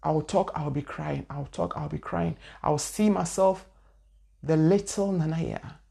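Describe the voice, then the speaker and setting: A woman's voice: sits low, fairly even intonation, unhurried, gravelly, mellow. A woman spiritual teacher telling her own story in an earnest, repetitive way. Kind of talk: personal testimony talk.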